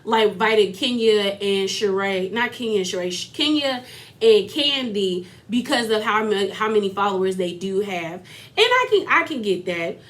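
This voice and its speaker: A woman's voice: medium pitch, expressive, normal speed, fairly bright tone. A woman vlogger giving a casual, chatty recap of a reality show, full of fillers and laughter.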